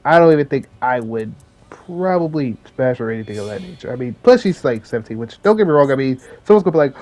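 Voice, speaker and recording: A man's voice: mid-range voice, expressive, fast, a little mellow. A young man hosting a casual commentary video, rambling with slang and lots of fillers. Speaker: video host.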